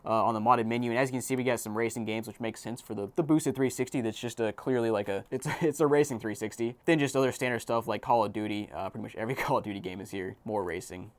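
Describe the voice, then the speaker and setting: A young man hosting a casual unboxing video, excited and exclaiming as he goes. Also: medium pitch, quick pace, hardly any pauses, no room sound. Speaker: video host.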